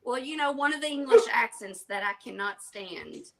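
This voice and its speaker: A woman's voice: fairly high pitch, sing-song, normal speed, gravelly. Chatty woman rambling on a live stream. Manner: rambling, loses her train of thought. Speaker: co-host. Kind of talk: casual live stream chat.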